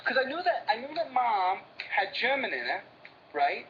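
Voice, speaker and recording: Brooklyn guy, high register, blunt and stammery, co-hosting with his brother; dull lo-fi sound. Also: big pitch swings, moderate pace, a little hiss or hum. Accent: Brooklyn New York. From Brooklyn, New York. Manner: stammering restarts, blunt street talk. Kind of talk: casual banter between brothers.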